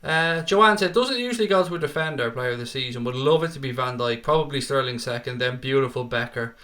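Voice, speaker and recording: Bright-voiced man chatting on a stream. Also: mid-range voice, expressive, fairly quick. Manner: chatty, informal, keeps calling viewers mate and pal. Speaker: host of a football fan live stream. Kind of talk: casual live-stream chat reading viewer comments.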